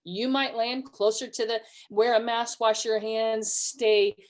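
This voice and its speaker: A woman's voice: on the high side, fairly even intonation, measured pace. A woman from California giving a conversational online webinar, telling stories and acting out quoted voices. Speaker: webinar presenter.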